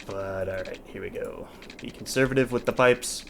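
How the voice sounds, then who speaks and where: A man's voice: mid-range voice, moderate pace, creaky, a little hiss or hum. A man hosting a let's play, talking casually as he thinks aloud, restarting sentences and trailing off, with mild exasperation. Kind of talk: casual gameplay commentary.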